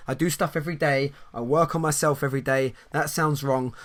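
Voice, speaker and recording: A man hosting a podcast, talking in casual chat with fast restarts, repeated words and frequent laughs. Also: fairly high pitch, fairly even intonation, a bit bright, slight background noise. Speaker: podcast host and coach.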